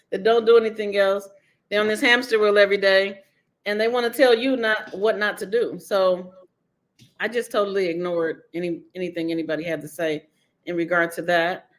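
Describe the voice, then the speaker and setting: A woman's voice: mid-range voice, steady tone, fairly quick. A woman author being interviewed, talking candidly and emphatically, laughing often.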